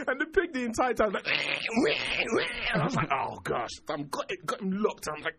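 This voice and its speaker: A man tells a comic story in a casual chat, acting out the voices of the people in it. His pitch swings widely as he talks. He often breaks into laughter mid-sentence. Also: wildly swooping pitch, measured pace, a loud crowd. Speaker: guest telling a story. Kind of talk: casual anecdote.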